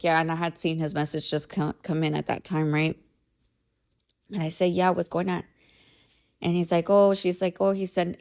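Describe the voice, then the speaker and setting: Woman podcast host, 30s, low voice with vocal fry, candid casual monologue, swears, keeps checking in with "right?". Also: a little mellow. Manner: candid and emphatic, swears, says "right?" often.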